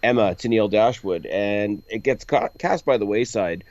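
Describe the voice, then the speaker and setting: A lower-pitched man co-hosts a casual review chat, giving quick, emphatic opinions. His voice comes through a dull, lo-fi mic. The sound is dry and close. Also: a little mellow, dry recording. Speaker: podcast co-host.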